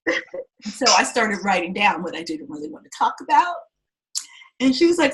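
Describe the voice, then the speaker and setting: Lively, bright-voiced woman writing coach. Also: medium pitch, brisk, pauses often. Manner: expressive, swings loud and soft, acts out quotes. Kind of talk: animated storytelling to a class.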